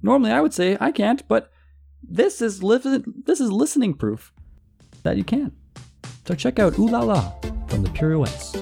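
A man's voice: sits high, big pitch swings, normal speed, creaky, long pauses, dark tone. A man hosting a music show, giving casual, rambling commentary with a playful, self-deprecating manner. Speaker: music show host and playlist curator.

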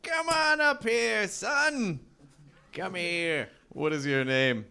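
A man's voice: sits high, slow, gravelly, bright, forceful tone, smooth. A man hosting a live panel, joking sarcastically and taking audience questions. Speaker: host. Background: audience crowd.

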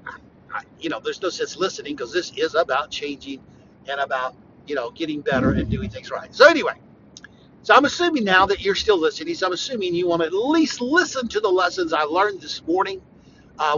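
A man preaching on a podcast in an informal, conversational way, emphatic and repetitive, with sudden bursts of loud emphasis. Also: sits high, big pitch swings, brisk, lo-fi sound, background noise. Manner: conversational, talks straight to the listener. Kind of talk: informal devotional podcast talk.

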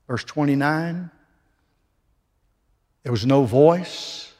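A man preaching a sermon, emphatic, dropping from loud declarations to hushed lines. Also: fairly high pitch, unhurried, pauses often. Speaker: pastor. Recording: long reverb of a large hall.

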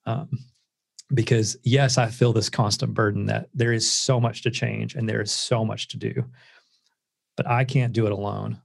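An earnest man tells stories as a guest on an interview show, reflective and full of filler words. His low voice has a gravelly fry. The sound is close and dry, with no room around it. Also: steady tone, moderate pace, no room sound. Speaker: guest author. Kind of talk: casual interview storytelling.

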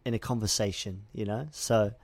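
A man's voice: fairly low pitch, steady tone, normal speed, darkish tone, no room sound. A man hosting a podcast, chatting casually and prompting his guest with easygoing asides. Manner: easygoing, prompting with "you know" and "right". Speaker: podcast host. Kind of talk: casual chat.

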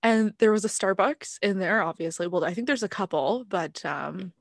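A woman's voice: medium pitch, moderate pace, vocal fry, no room sound, studio quality. A woman, co-hosting a podcast in casual chat and acting out the people in her stories. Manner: animated storyteller, acts out quoted dialogue. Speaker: podcast co-host. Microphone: podcast mic.

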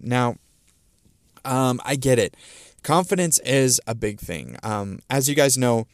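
A man's voice: mid-range voice, animated, measured pace, clear, resonant tone, dry recording, clean studio sound. A middle-aged man hosting a casual solo podcast, rambling with many ums and restarts, fighting hiccups and a scratchy throat. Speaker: podcast host.

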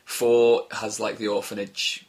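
A man co-hosting a casual podcast, joking quickly and often restarting his sentences. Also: lowish voice, little pitch movement. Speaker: podcast co-host. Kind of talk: casual chat.

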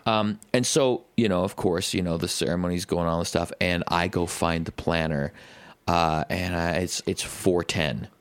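Low-voiced rambling musician podcast host. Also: male voice, fairly even intonation, normal speed, dry recording. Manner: rambling storyteller, heavy fillers, swears freely. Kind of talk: casual chat.

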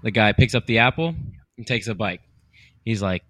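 A man's voice: fairly low pitch, normal speed, a bit bright, no echo, clean studio sound. A man in casual chat, laughing along and joking easily.

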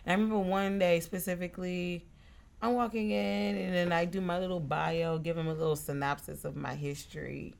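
Low gravelly woman chatting. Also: a little fast. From Haitian family. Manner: animated storytelling, expressive. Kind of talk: casual podcast chat.

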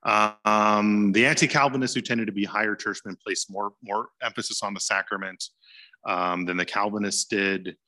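Bright-toned man teaching church history. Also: lowish voice, fairly even intonation, normal speed. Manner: conversational, chuckles now and then. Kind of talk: informal lecture.

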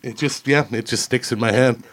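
A man's voice: mid-range voice, fairly even intonation, brisk, fairly bright tone. A man co-hosting a casual podcast chat, swearing freely and acting out movie scenes as he retells them. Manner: profane storyteller, acts out movie scenes. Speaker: podcast co-host.

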